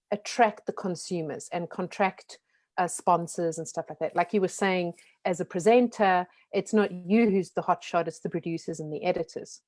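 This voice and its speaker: A woman in her forties from South Africa with a softened South African accent, talking frankly and lively as a guest in a casual interview. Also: fairly low pitch, no room sound. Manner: lively, frank, talks in quick runs. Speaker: guest, brand strategist.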